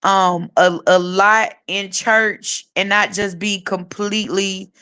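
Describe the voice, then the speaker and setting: A middle-aged woman co-hosting a laid-back podcast about faith. She talks frankly in a testifying, storytelling way, at a mid pitch for a woman. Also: fairly even intonation, slow, pushed and bright, clean tone. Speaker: podcast co-host. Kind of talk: casual faith podcast chat.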